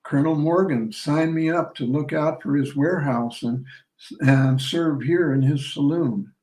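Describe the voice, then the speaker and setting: A man reading as a sharp-tongued young barmaid. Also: fairly high pitch, unhurried, natural voice. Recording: roomy sound from a distant mic.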